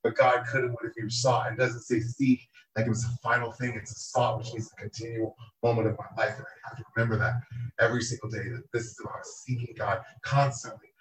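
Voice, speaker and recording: A man sharing earnestly and reflectively at a recovery meeting. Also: on the low side. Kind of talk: personal recovery share. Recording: echoey room, distant mic.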